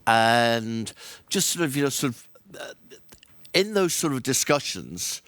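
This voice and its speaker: A man's voice: mid-range voice, sing-song, unhurried, fairly bright tone, no echo. A man moderating a panel discussion, asking questions with many fillers. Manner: hedging, filler-heavy questions.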